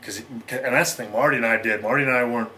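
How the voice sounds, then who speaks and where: A middle-aged American man in a sit-down interview, telling a long story in a rapid, rambling way and acting out what others said. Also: mid-range voice, fairly even intonation, sharp tone, a little hiss or hum. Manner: rapid, rambling, acts out quoted lines.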